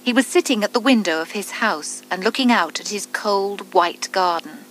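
A woman reading a children's story aloud, calm and deliberate, with clearly spaced phrases. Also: mid-range voice, slight background noise, rough recording.

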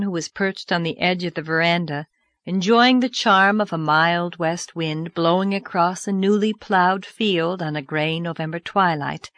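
A woman narrating an audiobook in a calm, measured storytelling manner. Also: fairly low pitch, no echo. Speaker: audiobook reader.

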